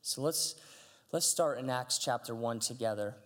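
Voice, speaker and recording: A man's voice: mid-range voice, moderate pace. A man, a pastor, giving a chatty, conversational sermon, telling stories animatedly with frequent restarts. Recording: long hall reverb.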